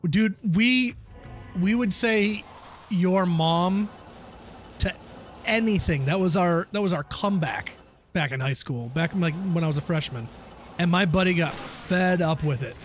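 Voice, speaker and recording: A man's voice: high voice, a little slow, faint music behind. A man streaming a game, chatting casually and laughing through rambling, profane stories. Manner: rambling, laughing storyteller who swears freely. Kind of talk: casual live-stream chat.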